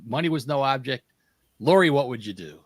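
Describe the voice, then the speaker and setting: A man hosts a casual panel chat with a mid-range voice. He tells stories in an animated way and acts out the voices in them. The sound is dry and close, with little room around it. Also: medium pitch, fairly quick, no room sound. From United States. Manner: animated storyteller who acts out quotes. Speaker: host.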